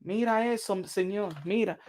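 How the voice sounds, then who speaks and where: A man hosting a boxing show, talking in an animated, rambling way and slipping into Spanish. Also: sits high, moderate pace. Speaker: boxing podcast host. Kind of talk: casual boxing commentary.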